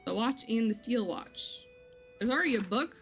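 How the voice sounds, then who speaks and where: A woman's voice: a little high, animated, moderate pace, fairly bright tone, faint music behind. Chatty woman streamer reading game text. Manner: chatty, reads game text aloud with self-corrections. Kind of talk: casual gameplay commentary and reading game text aloud.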